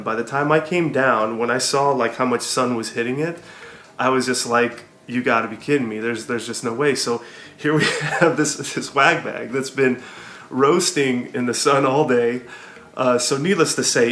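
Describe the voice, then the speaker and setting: A man's voice: medium pitch, a bit bright, roomy sound. A young adult man, a hiking vlogger, casually telling a story to camera in a chatty, self-mocking way, laughing often. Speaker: hiking YouTuber.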